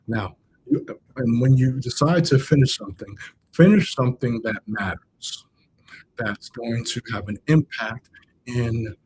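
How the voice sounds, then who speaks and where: A man's voice: mid-range voice, a little mellow, slight background noise, poor audio. A man coaching on a livestream. He talks casually, repeats and restates his points for emphasis, and addresses viewers in the chat directly. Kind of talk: livestream motivational talk.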